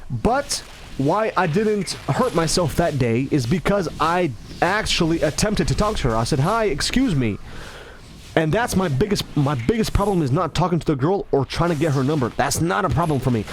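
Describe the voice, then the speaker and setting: This is a man talking in a loose, rambling monologue, his voice sitting high. He stumbles, restarts and corrects himself constantly, and his pitch leaps around with lively energy. Faint background noise runs beneath him. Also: a little fast. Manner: restless, self-correcting, stumbling over words; acts out greetings in shifting tones.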